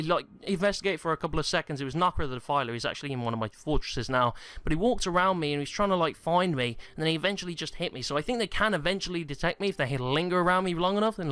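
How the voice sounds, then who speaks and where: A young male gaming YouTuber with a fairly high, fairly bright, clean voice gives casual gameplay commentary from a small stuffy room at home, with no room sound on the recording. Out of breath, he rambles, leaning heavily on fillers like um and like.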